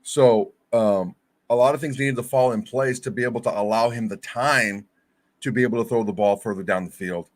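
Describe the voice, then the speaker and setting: A man's voice: mid-range voice, moderate pace. A man co-hosting a casual fan sports podcast over a video call, rambling with restarts and fillers. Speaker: podcast co-host.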